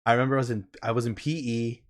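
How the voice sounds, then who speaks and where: A man's voice: medium pitch, fairly even intonation, very fast. Laid-back young man telling a story. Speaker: streamer host. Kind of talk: casual chat.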